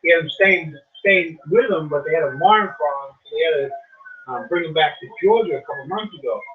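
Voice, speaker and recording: A man casually telling a long, profane story about a friend, acting out the quotes in an animated way. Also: on the high side, fairly quick, narrow, tinny audio, slight background noise. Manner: rambling, profane, animated retelling with quoted voices.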